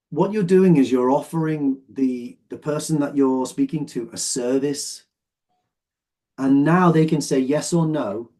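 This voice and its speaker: A man's voice: medium pitch, dark tone. A man teaching an English exam lesson, explaining patiently and often checking that his students follow. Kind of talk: online lesson, explaining while sorting phrases.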